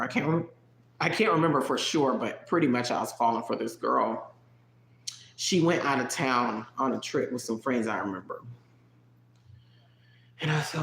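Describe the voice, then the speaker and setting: Casual storytime chat, rambling and digressive, addresses the chat, mid-pitched voice, echoey room. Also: creaky, fairly bright tone. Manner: chatty, digressive, talks to viewers in chat. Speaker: livestream storyteller. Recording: roomy echo.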